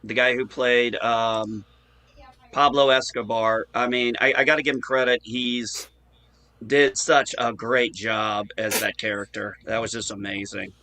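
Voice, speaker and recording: A man chatting on a podcast, hesitant and filling pauses with "uh" and "um". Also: medium pitch, flat delivery, pushed and bright. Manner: hesitant, with many fillers. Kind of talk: casual chat.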